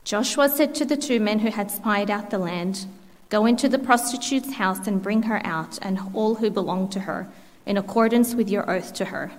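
Woman, scripture reader, mid-range voice, steady measured reading, reverberant church hall. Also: medium pitch. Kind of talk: Bible reading.

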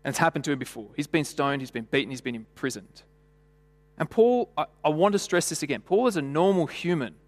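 A man preaching a sermon in a church, chatty and storytelling, tossing rhetorical questions at the congregation. His voice sits slightly high for a man. Long reverb trails each phrase. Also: a little fast.

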